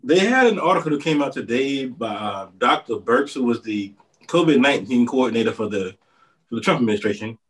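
A man co-hosting a casual podcast, ranting deliberately and building emphasis. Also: medium pitch, lively intonation, a bit bright, distant mic. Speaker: podcast co-host. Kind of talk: casual opinion rant. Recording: voice off-mic.

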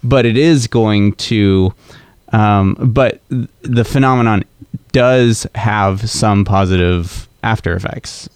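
A man's voice: lowish voice, takes it slowly, smooth, dry recording. A man in a casual podcast discussion, thinking aloud with hesitant restarts and frequent agreement. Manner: hesitant, searching for words, agreeable.

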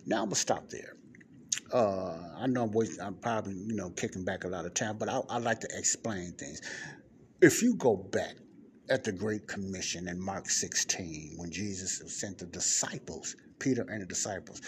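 A man's voice: deep voice, moderate pace. A man teaching the Bible in casual podcast form, reading from a book, then digressing to explain, repeating points and checking in with listeners with "okay?". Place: public library area with passing cars. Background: faint ambient noise.

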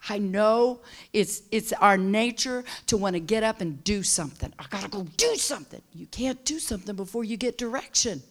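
A woman preaching a sermon who swings between loud, shouted passages and hushed whispers. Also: medium pitch, normal speed.

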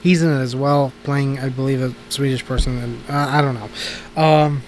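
A man's voice: mid-range voice, fairly even intonation, moderate pace, slight background noise. A man casually reviewing movies on a podcast, rambling with lots of fillers and restarts. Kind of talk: casual chat.

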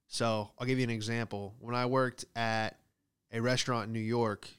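Profane man ranting in a smooth voice. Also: medium pitch, normal speed. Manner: profane, animated storytelling with loud acted outbursts. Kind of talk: rambling comedic monologue.

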